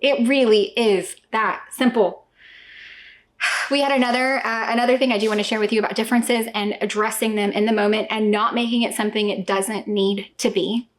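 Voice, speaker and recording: A woman in her thirties speaks directly to her audience about parenting, pressing each point home. Her voice sits a little on the high side, and she keeps pausing to ask "okay?" before moving on. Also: fairly even intonation. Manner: emphatic, addresses the viewer with repeated "okay?". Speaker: homeschooling parent vlogger. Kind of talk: direct-to-camera talk.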